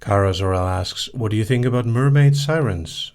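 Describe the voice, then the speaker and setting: A man hosting a live hypnosis stream, casually reading viewer questions aloud and answering them in a soft, easygoing way. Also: lowish voice, moderate pace. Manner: soft-spoken, easygoing, reads each question aloud then answers briefly.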